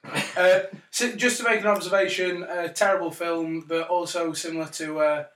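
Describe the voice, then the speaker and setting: High-voiced excitable man on a panel. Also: moderate pace, reverberant. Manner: excitable, bursts into mimicry and laughter. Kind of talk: animated storytelling on a panel.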